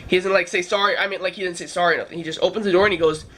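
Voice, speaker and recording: A man's voice: high-pitched, fairly even intonation, rapid-fire, sharp tone, a little hiss or hum. A young man vlogging, telling a rambling, profane story full of fillers. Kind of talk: casual storytelling. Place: California trip, downtown L A.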